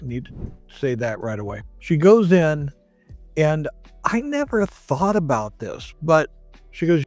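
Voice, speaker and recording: A man's voice: fairly high pitch, very animated, slow, a little mellow, no room sound, faint music behind. A male chiropractor telling a patient's story in a conversational way, acting out what others said. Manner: conversational, quotes others in raised voices. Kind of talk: storytelling monologue.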